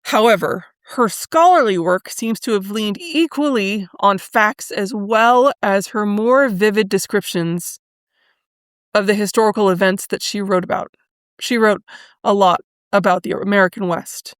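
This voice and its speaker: A woman's voice: mid-range voice, dry recording, studio quality. Thoughtful woman hosting a history podcast. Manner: thoughtful, conversational, with fillers and pauses. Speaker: podcast host. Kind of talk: solo history podcast commentary.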